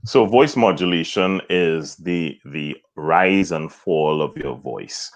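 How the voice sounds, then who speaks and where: Deep-voiced man explaining voice technique. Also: slow pace. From Trinidad. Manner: explanatory, demonstrates points with acted examples. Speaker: voice coach guest. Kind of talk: interview explanation.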